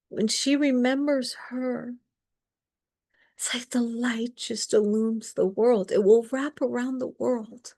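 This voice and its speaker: A woman giving a spiritual sermon in a soft, often whispered voice, tearful at times. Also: a little high, steady tone, takes it slowly. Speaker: reverend leading a women's service.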